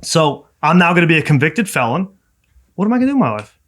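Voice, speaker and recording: Animated man telling a story. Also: fairly high pitch, fast talker. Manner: animated, acts out the people in his story. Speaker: podcast guest. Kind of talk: storytelling in a casual interview.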